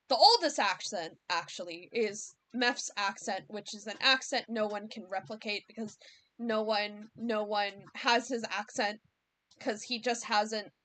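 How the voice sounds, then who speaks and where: A woman from the United States talks casually to her stream in a fairly high voice. She takes her time and thinks aloud, looping back to rephrase her points as she goes. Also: a bit bright, no echo. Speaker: streamer and series creator. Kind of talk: casual livestream chat.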